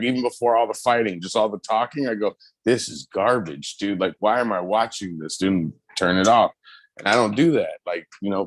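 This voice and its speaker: A man's voice: lowish voice, dry recording. A man co-hosting a casual pop-culture talk show, swearing freely and laughing as he tells stories. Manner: profane, laughing, animated storytelling. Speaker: podcast host. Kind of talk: casual chat.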